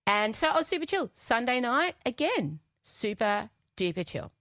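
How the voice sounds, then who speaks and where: A woman's voice: a little high, moderate pace, no room sound, clean studio sound. A woman, hosting a podcast and telling a comic story in casual chat, acting out the voices in the dialogue she retells. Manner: animated, puts on voices in retold dialogue. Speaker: podcast host.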